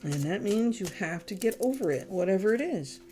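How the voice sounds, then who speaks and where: Faint music plays behind this tarot reader, whose medium-pitched voice is animated, brisk and dark in tone. Reading the cards casually at home among lit candles, she addresses the listener head-on, exasperated, blunt and freely profane.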